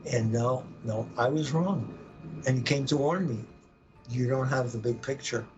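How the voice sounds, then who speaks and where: A man telling an intense personal story on a live podcast, acting out his own words and the words of others with sudden jumps in pitch. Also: normal speed, lo-fi sound, music in the background. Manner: animated, acts out quoted voices with sudden pitch jumps.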